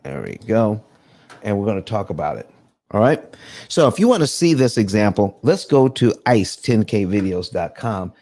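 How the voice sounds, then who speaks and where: A man's voice: lowish voice, big pitch swings, normal speed, mellow, dry recording. A man hosting a live online room on paying off mortgages, talking loosely with many restarts and greeting listeners by name. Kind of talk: casual live room hosting, explaining finance.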